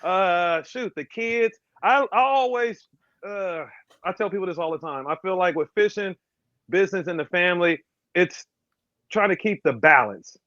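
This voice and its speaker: A man, a tournament bass angler and podcast guest, telling stories in a lively way, laughing often and acting out the people in them. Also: moderate pace, dry recording, highs cut off. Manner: animated, laughs often, acts out voices in his stories. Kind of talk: casual storytelling chat.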